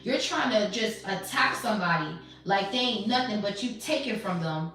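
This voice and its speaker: A woman's voice: medium pitch, animated, normal speed, fairly bright tone, recorded from a distance, faint music behind. A woman giving a tarot reading in a blunt, profane, slangy and mocking way. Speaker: tarot reader. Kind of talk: casual tarot reading monologue. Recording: very echoey room, voice off-mic.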